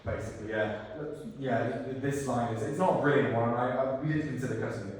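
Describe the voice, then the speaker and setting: A man directing a theatre rehearsal, talking actors through scenes in an animated way and slipping into silly voices. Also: mid-range voice, fairly quick, few pauses. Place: rehearsal hall. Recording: echoey hall, far from the mic.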